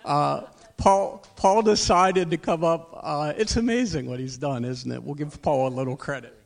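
A man's voice: on the high side, normal speed, vocal fry. A man hosting a weekend radio show, chatting with guests, laughing easily and tripping over names in a studio. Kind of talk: live radio interview chat.

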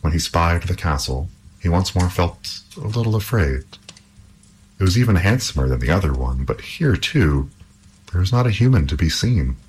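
A man reading a fairy tale aloud in an expressive, measured storytelling manner. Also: deep voice, a little hiss or hum.

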